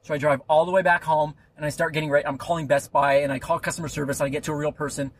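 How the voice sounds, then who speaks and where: A man's voice: fairly high pitch, very fast. A young man hosting a podcast, rambling through a story in casual chat and acting out the people in it. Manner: rambling, animated, acts out quoted people. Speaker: podcast host.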